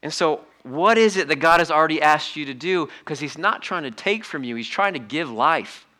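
A middle-aged man preaching a sermon in a church, conversational and animated, acting out little asides in other voices. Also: on the high side, normal speed. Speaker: pastor. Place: church sanctuary.

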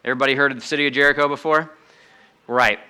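Bright-voiced man preaching animatedly. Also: medium pitch, rapid-fire, clean tone. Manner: animated, conversational preaching with acted-out quotes. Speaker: pastor. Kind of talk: sermon.

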